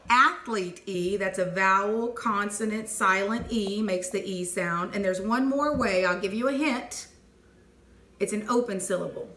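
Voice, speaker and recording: A woman teacher leading a phonics dictation lesson, clearly sounding out letters and words and praising answers. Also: mid-range voice, fairly bright tone. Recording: echoey room with faint noise.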